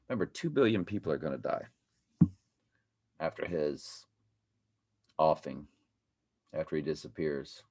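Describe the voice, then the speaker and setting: Deep-voiced rambling man. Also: lively intonation, vocal fry, darkish tone. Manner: rambling, halting, speaks to viewers as y'all. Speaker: commentary video host. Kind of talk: casual commentary over clips.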